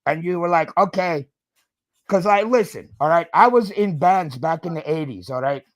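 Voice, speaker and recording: High-voiced man on a profane rant. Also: expressive, normal speed. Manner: profane ranting, keeps tagging "okay?". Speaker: podcast host. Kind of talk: casual chat.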